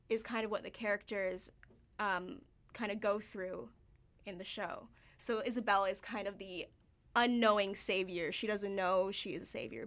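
A woman's voice: mid-range voice, fairly bright tone. A young adult woman, an actor, answering interview questions thoughtfully with fillers and trailing endings. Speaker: actor discussing her stage role.

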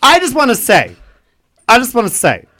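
A man's voice: very high-pitched, wildly swooping pitch, normal speed, bright, forceful tone, no room sound, studio quality. Campy, flamboyant radio host man. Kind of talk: comedic talk radio banter. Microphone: studio microphone.

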